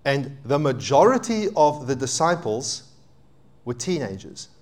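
A man in his thirties preaching a sermon as a pastor, animated, swinging between loud emphatic peaks and quiet asides. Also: mid-range voice, a little slow. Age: 30s.

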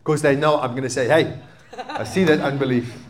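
A man in his thirties preaching a sermon as a pastor, animated, swinging between loud emphatic peaks and quiet asides. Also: mid-range voice, a little fast, crowd noise. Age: 30s.

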